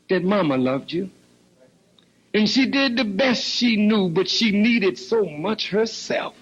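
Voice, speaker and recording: An older man preaching a sermon, swinging from low murmurs to high shouts. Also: slightly rough. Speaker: minister. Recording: dull lo-fi recording.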